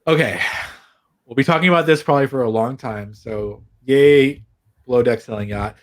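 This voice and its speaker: This is a man co-hosting a podcast, his voice medium in pitch and his speed normal. In a casual chat, he enthusiastically shares strong opinions about reality TV.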